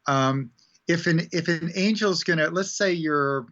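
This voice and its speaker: Bright, lively man on lo-fi radio. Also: fairly high pitch, unhurried. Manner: animated, acts out quoted voices. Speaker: radio show guest. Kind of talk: casual spiritual talk. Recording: dull lo-fi sound.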